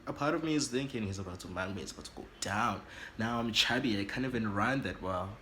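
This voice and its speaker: A man, telling a story on his vlog in an animated, dramatic way. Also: fast, a little hiss or hum. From South Africa. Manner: animated and dramatic, swoops high in pitch for effect. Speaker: YouTuber.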